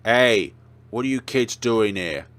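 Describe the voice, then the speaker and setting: A man voicing a gruff, angry security guard who scolds and yells at trespassing teenagers. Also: mid-range voice, animated, slow. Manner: yelling, scolding.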